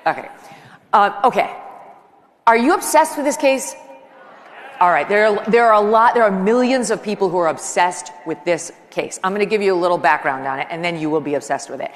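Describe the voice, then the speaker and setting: A woman's voice: medium pitch, fairly quick. Chatty woman speaking in a big hall. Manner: chatty, joking, excitable, rambling asides. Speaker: talk show host giving a stage speech. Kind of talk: conversational live stage speech. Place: large live event hall with an audience. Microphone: handheld microphone while walking. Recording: long reverb of a large hall.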